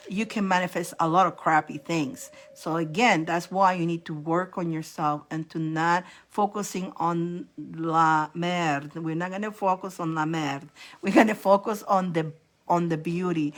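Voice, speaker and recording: A woman giving a casual, rambling spiritual pep talk to her viewers, often restarting and repeating phrases. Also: on the low side. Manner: rambling, animated, laughing at herself. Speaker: spiritual coach and reader.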